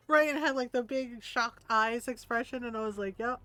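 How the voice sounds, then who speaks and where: A woman's voice: high voice, steady tone, brisk, few pauses, a bit bright, no room sound. A woman streamer chatting casually while gaming, laughing often and acting out quotes.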